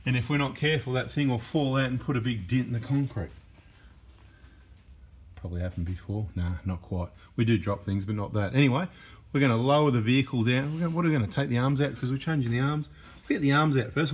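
A man's voice: medium pitch, fairly quick, slightly rough. An Australian man hosting a vehicle workshop video, talking through the job in a chatty, joking way. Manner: chatty and joking, keeps checking in with "right?" and "mate". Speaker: mechanic and workshop host. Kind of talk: casual workshop commentary.

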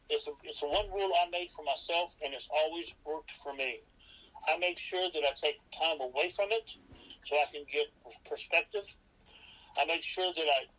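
Bright-voiced man giving real estate advice. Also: a little high, low-quality recording. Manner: instructive, lays out numbered rules and checks in with "okay?". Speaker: real estate expert guest. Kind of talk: podcast interview, seminar-style advice.

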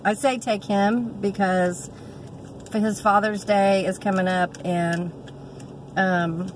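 A woman in her thirties with a drawl talks casually to her viewers in a chatty, heartfelt way. She pauses on fillers and restarts often. She records on a phone held at arm's length in a car, with faint vehicle noise behind her. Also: medium pitch, steady tone, low-quality recording. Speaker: vlogger. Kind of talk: casual chat vlog.

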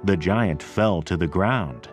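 A man narrating a storybook aloud, clear, deliberate and expressive. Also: deep voice, faint music behind.

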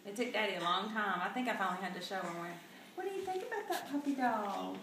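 Lively, playful mother in an echoey room. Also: mid-range voice, quick pace, far from the mic, noisy background. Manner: playful, coaxing. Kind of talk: casual home video chat. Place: home with pets.

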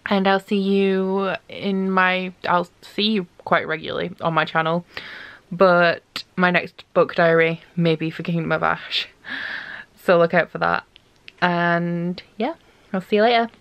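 Young female book vlogger, lowish voice, casual, chatty, gushing. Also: little pitch movement, unhurried, fairly bright tone, smooth. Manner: chatty, gushing, says "like" a lot. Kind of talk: casual book diary chat.

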